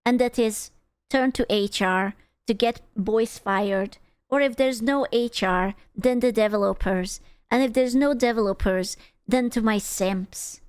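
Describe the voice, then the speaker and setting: Sarcastic woman streamer, mocking, unhurried, bone-dry sound. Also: a little high, clean tone, no echo. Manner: sarcastic, mocking, swears freely. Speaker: VTuber streamer reacting to a video. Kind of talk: casual reaction commentary.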